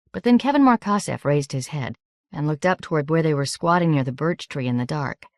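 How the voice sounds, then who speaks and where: A woman narrating an audiobook in a measured, steady reading. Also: sits low, dry recording, studio quality.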